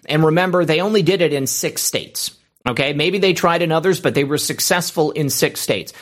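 A man hosts a political commentary show, speaking emphatically and driving each point home with a clipped "okay." His voice sits a bit higher than most men's. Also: normal speed. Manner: emphatic, repeats "okay" and "all right".

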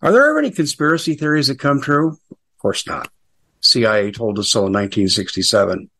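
A man's voice: medium pitch, expressive, a little fast, sharp tone. A middle-aged American man hosting a casual political commentary show, chatty and sarcastic with frequent asides.

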